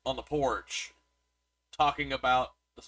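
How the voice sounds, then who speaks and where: A man's voice: mid-range voice, fairly even intonation, measured pace, a bit bright, dry recording. A man co-hosting a podcast, chatting casually about a movie and reading reviews aloud, with lots of restarts. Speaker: podcast co-host.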